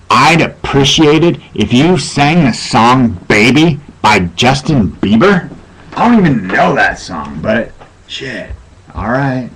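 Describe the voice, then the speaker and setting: Slow-talking joking male streamer. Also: medium pitch, sing-song, fairly bright tone, breathy edge. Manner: joking, talks to himself. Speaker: live stream host. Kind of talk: casual live stream chat.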